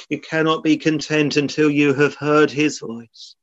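A man's voice: fairly high pitch, steady tone, unhurried, few pauses. A man preaching a sermon in a solemn, earnest way, often quoting old scripture. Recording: dull lo-fi sermon recording.

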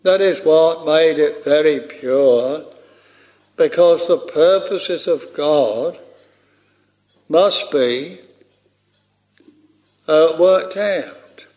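Male preacher, slightly high voice, very slow measured sermon delivery. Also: darkish tone. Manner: slow, measured preaching with archaic scripture phrasing.

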